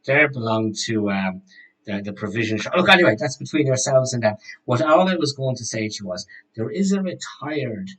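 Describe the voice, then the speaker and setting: A man's voice: mid-range voice, expressive, brisk, fairly bright tone, natural voice, poor audio. A man voicing a chatty, gossipy middle-aged frontier shopkeeper who rambles and restarts his sentences in a tabletop game. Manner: rambling, hesitant, full of restarts. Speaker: game master.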